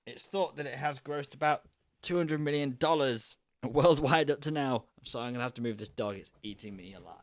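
A man's voice: mid-range voice, a little fast, dry recording. A man co-hosting a casual podcast chat, laughing often as he reads facts from his notes. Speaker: podcast co-host.

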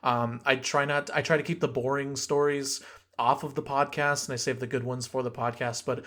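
Young male podcast host, casual storyteller, lots of fillers, mid pitch. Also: little pitch movement, moderate pace, pushed and bright. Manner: rambling, many fillers and restarts.

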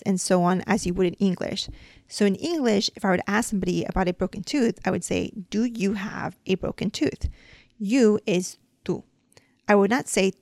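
Hygienist lady teaching dental spanish, kinda gravelly, dry close sound, lots of um and like. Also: mid-range voice, a little mellow, no echo. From Mexican family, raised in the United States. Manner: explains patiently with examples, says "um" and "like" often. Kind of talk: casual podcast lesson.

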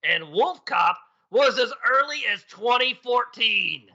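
A man's voice: very high voice, lively intonation, unhurried, pushed and bright, husky, muffled recording, heavily acted. A man playing a goofy male skeleton who hosts a trivia quiz, with jokey absurd asides. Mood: playful. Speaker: quiz host.

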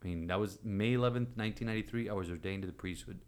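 A priest in his forties telling a personal story in conversation, animated and acting out quoted voices. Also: fairly low pitch, racing. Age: 40s.

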